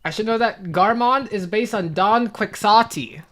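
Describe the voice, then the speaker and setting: A woman's voice: medium pitch, measured pace. A young adult woman streaming a game, chatting casually and rambling with many fillers and restarts. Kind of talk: casual chat while gaming.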